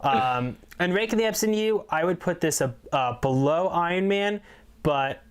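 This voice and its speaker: A man co-hosting a casual movie review, speaking quickly with hesitant fillers. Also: fairly high pitch, animated, clean tone.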